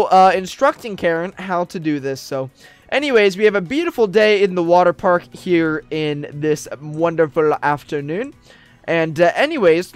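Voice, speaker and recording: A host narrating and bossing around a character during a game roleplay, excitable and bossy, with sudden bursts of yelling. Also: mid-range voice, no room sound. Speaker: roleplaying gamer and channel host.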